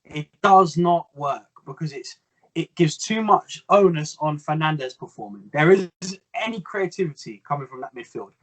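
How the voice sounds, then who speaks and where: A young man, co-hosting a casual football chat in a measured, analytical way with some exasperation. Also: a little high, expressive, poor audio. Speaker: co-host.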